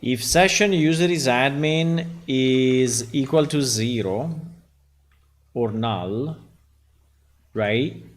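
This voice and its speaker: Slow-talking Italian man coding live. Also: mid-range voice. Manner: thinks aloud, keeps asking "right?". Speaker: game developer streaming. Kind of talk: casual live coding stream.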